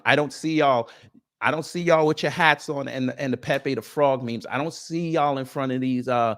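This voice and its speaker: A male streamer rants at his audience and fires off question after question in a mocking tone. His pitch sits in the middle and he laughs with scorn as he talks. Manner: animated, mocking, rapid rhetorical questions. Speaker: political commentary host. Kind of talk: ranting live-stream commentary.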